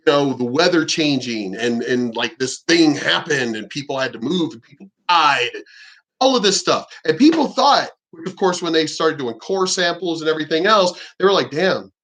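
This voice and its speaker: A man with a voice pitched a little above the usual for men talks in a loose, rambling monologue. He is emphatic and swears freely as he goes. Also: a bit bright. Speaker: vlogger. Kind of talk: casual monologue.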